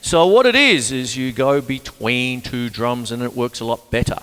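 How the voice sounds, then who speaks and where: A man's voice: medium pitch, moderate pace, fairly bright tone, faint music behind. An older man teaching drums in a casual, rambling, jokey way, talking between demonstrations. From Australia. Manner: rambling, jokey, talks between drum demos. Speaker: drum teacher. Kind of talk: casual drum lesson. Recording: reverberant room with drum kit.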